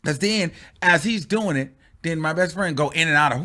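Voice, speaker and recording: A man on his channel telling a story time monologue casually, animated, dramatic and full of exclamations. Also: on the high side, moderate pace, hardly any pauses. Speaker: YouTube storyteller.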